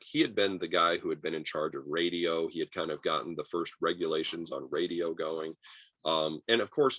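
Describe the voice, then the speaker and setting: A man teaching a history class over a video call, lively and chatty, acting out quotes with many fillers. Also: low-pitched, no echo. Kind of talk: online class lecture.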